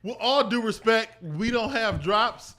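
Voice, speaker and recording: A man hosting a casual podcast, talking in an animated way and trailing off mid-thought. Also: high voice, measured pace. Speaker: podcast host.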